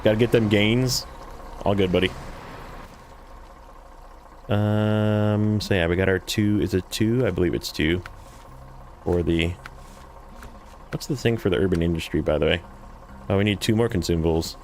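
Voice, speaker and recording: A man's voice: low voice, moderate pace, pauses often, a little mellow, slight background noise. A man hosting a gaming livestream, chatting casually with viewers in a rambling, self-deprecating way while he plays.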